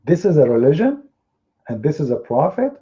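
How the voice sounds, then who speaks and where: A man's voice: fairly high pitch, big pitch swings, brisk, warm tone. A man hosting an online debate room, talking in a mocking, scornful way. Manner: sarcastic and scornful, acting out others in quotes. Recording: tinny phone-like audio.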